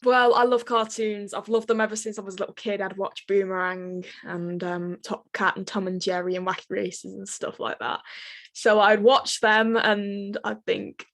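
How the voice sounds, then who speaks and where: A woman's voice: medium pitch, flat delivery, normal speed, a bit bright. A young woman, chatting as an interview guest, with a lot of ums and giggles. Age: young adult. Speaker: guest voice actress. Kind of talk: casual interview chat. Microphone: headphone mic.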